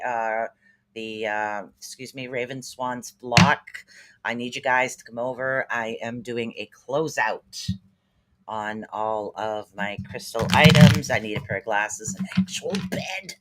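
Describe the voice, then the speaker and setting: A man's voice: lowish voice, a bit bright. A man hosting a live stream as a spirit reader, greeting viewers by name in a chatty, rambling way. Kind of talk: casual live-stream chat.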